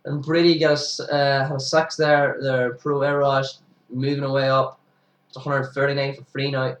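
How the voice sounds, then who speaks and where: A young man talks through cricket highlights in a chatty, casual commentary and breaks into excited shouts whenever a big moment comes. His voice sits at an ordinary pitch and has a sniffly, hay-fever edge. He sounds set back from the mic in a roomy, echoing space. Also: normal speed, recorded from a distance. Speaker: amateur cricket commentator for his own club.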